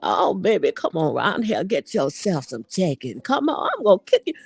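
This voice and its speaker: A woman voicing an old churchgoing grandmother who is warm and bossy and talks in a slow, drawling, preachy way. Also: on the low side, huge pitch swings, creaky, slightly rough, full character voice.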